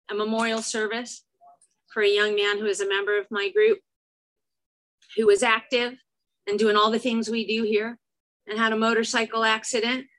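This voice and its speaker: A woman's voice: fairly high pitch, fairly bright tone. A middle-aged woman from Chicago giving a candid, self-deprecating recovery share at a meeting, often checking in with "right?". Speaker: AA meeting speaker. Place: church meeting room before an audience.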